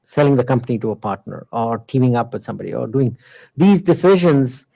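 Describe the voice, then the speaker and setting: A man teaching a class in a relaxed, conversational lecture style, with frequent fillers. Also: mid-range voice, a little fast, vocal fry, rough recording. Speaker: instructor.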